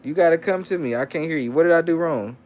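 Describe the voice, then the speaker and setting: A man's voice: fairly high pitch, fast, a little mellow. A man hosting a casual livestream, reading viewer comments aloud and repeating himself in loose slang. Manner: coaxing, playful with his child. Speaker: livestream host.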